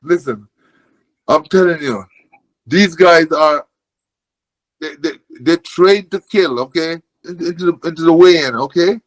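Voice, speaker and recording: Jamaican man, animated profane storyteller, high voice, repeats himself. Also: unhurried, long pauses, rough recording. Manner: animated, profane, repeats words and says okay often. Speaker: guest telling a boxing story. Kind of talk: casual storytelling.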